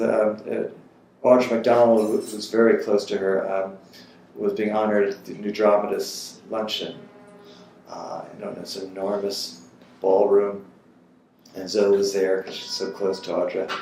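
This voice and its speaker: Man, 60s, low-pitched, oral history storyteller, animated and anecdotal, roomy echo and faint background noise. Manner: animated anecdotal storyteller who acts out quotes. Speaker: interviewee.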